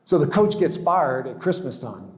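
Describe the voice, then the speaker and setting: A man's voice: mid-range voice, big pitch swings, normal speed. A man in his sixties giving a personal testimony talk, stammering into restarts and chuckling as he tells his story. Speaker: guest speaker. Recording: roomy echo.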